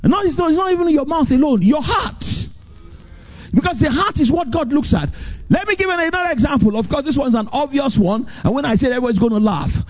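A man preaching a sermon as pastor, with animated delivery that swings from high emphatic lines to low, drawn-out ones. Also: muffled recording.

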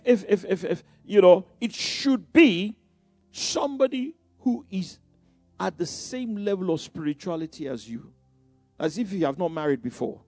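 A man's voice: sits high, warm tone, no echo. Middle-aged male pastor, chatty sermon delivery, faint music underneath. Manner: conversational preaching with many "you know" asides and repeated phrases. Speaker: preacher.

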